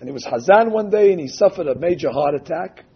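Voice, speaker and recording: Casting: emphatic preacher, a man with a high, husky voice, on a dull lo-fi recording. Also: expressive. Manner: emphatic, drawn-out quoting of texts. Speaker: rabbi or religious teacher. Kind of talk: sermon with storytelling.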